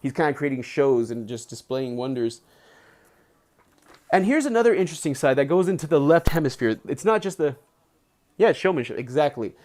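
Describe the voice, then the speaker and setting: A young man live-streaming from home, reading a book aloud and breaking off into excited, rambling commentary full of "like". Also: fairly high pitch, fairly quick. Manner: excitable, rambling, heavy on filler "like". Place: indoors at home, settled under a blanket.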